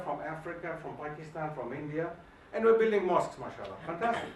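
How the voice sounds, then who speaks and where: A man giving an emphatic, animated lecture and firing questions at the audience, recorded in a hall. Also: fairly high pitch, brisk, slight background noise. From Germany. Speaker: guest lecturer. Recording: echoey hall, mic at a distance.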